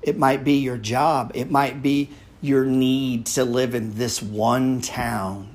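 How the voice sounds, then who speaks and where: A man's voice: mid-range voice, level tone, slow, a little mellow. A man hosting a live audio chat room, talking casually in a blunt, profane, rambling way. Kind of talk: casual talk.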